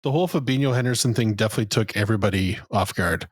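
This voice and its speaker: A man co-hosting a podcast, talking football in a relaxed, rambling way with lots of fillers and the odd swear. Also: on the low side, very fast, breathy edge, no echo. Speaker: podcast co-host. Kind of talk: casual football chat.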